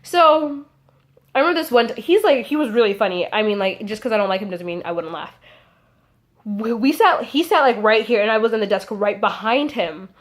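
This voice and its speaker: A woman's voice: fairly high pitch, animated, brisk. A young adult woman telling a casual storytime to her vlog audience, chatty and full of "like" fillers. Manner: chatty, frequent "like" fillers, acts out quotes. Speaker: vlogger.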